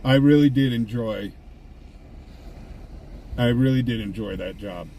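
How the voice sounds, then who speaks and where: His voice is mellow, medium in pitch and unhurried as he livestreams from a vehicle. The host, a scanner chaser, casually shares anecdotes and laughs along with himself. Faint vehicle sounds and ambient noise are present.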